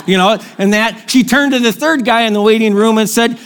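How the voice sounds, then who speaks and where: High-voiced joking pastor from Minnesota. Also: male voice, brisk, smooth. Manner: animated, joking storyteller with crowd call-outs. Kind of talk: sermon.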